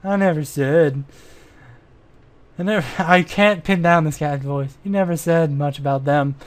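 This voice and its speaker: A man's voice: on the high side, a little slow, lightly acted. A man voicing a boastful, flirtatious male adventurer in a mystery game, with a drawling, self-satisfied manner.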